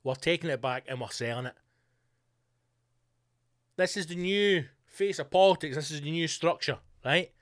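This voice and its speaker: Guy ranting on his podcast, sweary and sarcastic, fairly high voice. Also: moderate pace, pauses often, no room sound, studio quality. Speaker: podcast host.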